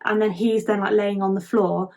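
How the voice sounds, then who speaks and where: A woman's voice: mid-range voice, steady tone, normal speed, vocal fry, darkish tone. A woman vlogger chatting casually as she retells a film plot, giggling and leaning on the filler "like".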